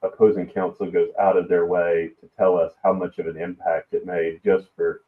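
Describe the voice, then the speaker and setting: A man from the American South with a Southern accent, a podcast guest speaking in a measured, hesitant way with many pauses. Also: deep voice, distant mic. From Alabama, US South. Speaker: guest, risk management executive. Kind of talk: casual podcast conversation. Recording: tinny phone-like line in an echoey room.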